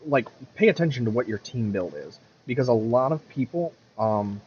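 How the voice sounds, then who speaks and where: A man's voice: medium pitch, lively intonation, normal speed, darkish tone, dull audio, slight background noise. Rambling man commentating his gameplay. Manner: rambling, self-correcting, mutters at the game. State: has the hiccups.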